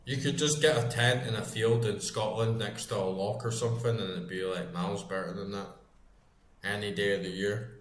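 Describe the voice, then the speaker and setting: A man's voice: on the low side, fairly even intonation, moderate pace, a little hiss or hum. A man in his thirties, a gaming streamer, rambling and ranting in casual chat, full of fillers. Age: 30s. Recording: roomy echo.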